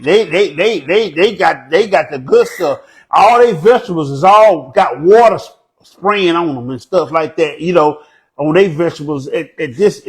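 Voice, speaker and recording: A comedian telling funny stories in an animated way, slipping into a put-on proper voice. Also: male voice, on the high side, low-quality recording. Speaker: comedian guest. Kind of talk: comic storytelling.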